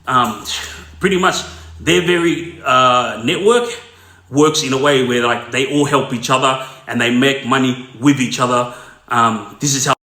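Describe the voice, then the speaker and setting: A man's voice: mid-range voice, unhurried, pushed and bright. Blunt Australian man telling prison stories. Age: middle-aged. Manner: streetwise, blunt, repetitive with fillers like "you know" and "yeah?". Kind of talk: casual spoken storytelling. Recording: roomy echo.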